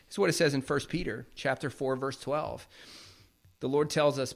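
A man's voice: medium pitch, fairly even intonation, normal speed, vocal fry. A man preaching a sermon as pastor, explaining scripture in a plain, conversational way.

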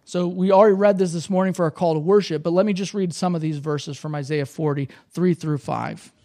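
A man's voice: on the high side, fairly even intonation, brisk, mellow. A pastor preaching a sermon at a church service, explaining in a conversational way and repeating his points for emphasis.

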